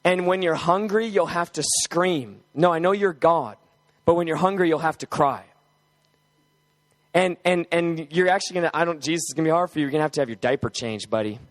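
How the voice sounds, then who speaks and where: A man voicing God the Father as a calm, fatherly figure who teases his son gently. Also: on the high side, fairly quick, voice pushed down, lightly acted.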